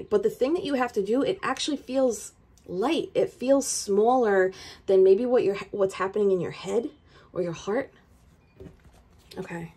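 A woman's voice: mid-range voice, unhurried, warm tone, husky. A woman giving a tarot reading straight to the viewer, urgent and emphatic, repeating her points. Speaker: tarot reader.

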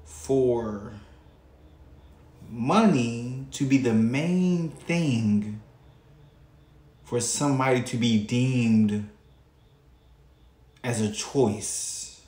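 Slow, pausing man in an echoey room. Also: medium pitch, a little mellow. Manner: slow, drawn-out, pausing often. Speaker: channel host. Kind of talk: reaction commentary.

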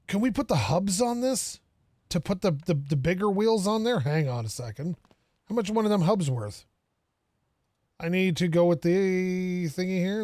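A man's voice: high-pitched, darkish tone, no room sound, studio quality. A man streaming a game, casually thinking aloud and joking with the characters on screen. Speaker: gaming streamer. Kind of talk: casual gameplay commentary.

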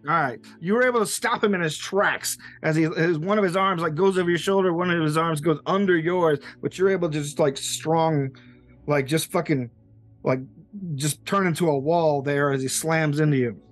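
A man's voice: fairly high pitch, moderate pace, soft background music. A man narrating a tabletop game as game master, loose and rambling, laughing often.

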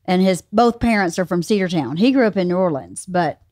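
A woman from Georgia, a podcast co-host, telling a story in an animated way and acting out quotes. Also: fairly low pitch, fairly quick, no room sound, studio quality. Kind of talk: casual podcast chat.

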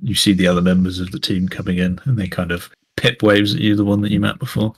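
A man running a tabletop game, narrating scenes in a relaxed, joking way. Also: lowish voice, quick pace, breathy edge. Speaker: game master.

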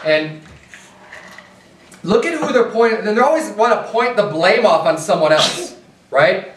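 A man with a high voice preaches a sermon, talking conversationally and often restarting his sentences. He is recorded from a distance in an echoey church, with a faint hiss underneath. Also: expressive, a little slow. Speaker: pastor. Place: church sanctuary.

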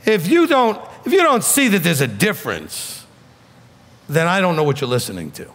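A rabbi with a New York accent delivers a blunt, emphatic sermon. His voice sits high and swings widely up and down as he presses his points. It rings with the long reverb of a hall. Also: sing-song, moderate pace, a bit bright.

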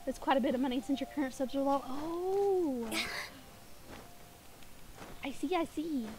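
A young woman with a high-pitched voice streams a game and chats casually with her viewers, speaking a little slowly. She giggles often and sounds a bit sniffly with hiccups, while game music and other background noise play behind her.

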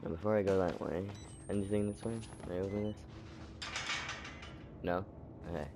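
Jokey, crude let's-play commentator. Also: male voice, low voice, steady tone, normal speed, background noise. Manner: jokey, crude, sarcastic asides. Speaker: gameplay commentator.

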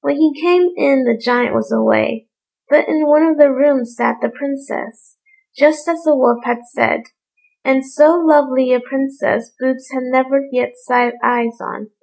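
High, gravelly woman reading a bedtime story. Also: a little slow, a little mellow, poor audio. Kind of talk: read-aloud bedtime story.

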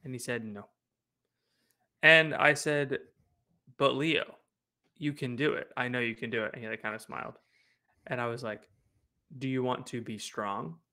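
Bright-voiced young dad chatting. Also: male voice, medium pitch, moderate pace, long pauses. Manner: relaxed, trailing off softly, gentle anecdotes. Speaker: podcast co-host. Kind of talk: casual chat.

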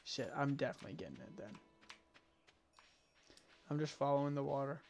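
A man streaming a farming game and chatting casually with a friend, excitable and quick to exclaim, sounding tired. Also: medium pitch, a little hiss or hum. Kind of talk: casual gaming chat.

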